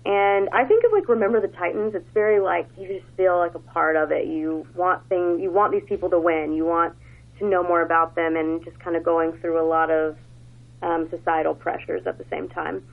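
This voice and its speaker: A woman with a lowish, gravelly voice recommends books in an easygoing, chatty way, leaning on filler words. The sound is narrow and phone-like, as if carried over a radio line. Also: fairly even intonation, moderate pace. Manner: chatty and enthusiastic, with many fillers. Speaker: book recommender on a radio segment. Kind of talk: casual book talk.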